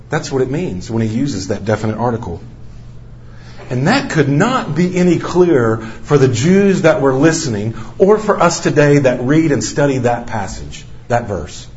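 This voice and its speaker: A man's voice: mid-range voice, big pitch swings, normal speed, darkish tone, muffled recording, slight background noise. A man preaching a sermon as a missionary, stressing key phrases by repeating them over and over.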